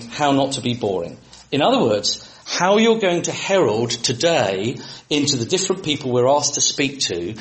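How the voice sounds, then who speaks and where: A British man preaching to fellow preachers in a lively, humorous way, sometimes shouting for comic effect. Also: mid-range voice, roomy sound. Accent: British English. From Britain.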